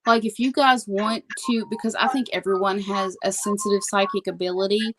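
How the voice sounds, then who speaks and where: A woman's voice: medium pitch, steady tone, fairly quick, a loud crowd, rough recording. A woman co-hosting a livestream, chatting casually and rambling with lots of "like" and "um". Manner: rambling, hedging with "like" and "um". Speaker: livestream co-host and medium. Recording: loud music behind.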